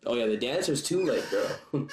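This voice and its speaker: A man's voice: medium pitch, lively intonation, moderate pace, reverberant, very noisy. A young man chatting casually and a bit breathlessly in a loose, slangy, profane vlog, laughing often. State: slightly out of breath. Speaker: vlogger reviewing a concert. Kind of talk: casual chat. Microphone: camera-mounted mic.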